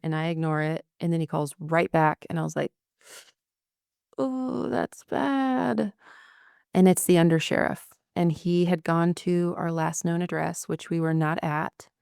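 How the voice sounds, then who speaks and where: A woman in her thirties, a podcast guest, telling a painful personal story in a soft-spoken way with many ums and likes. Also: low-pitched, gravelly, smooth, no room sound, clean studio sound. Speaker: podcast guest, widow of a detective.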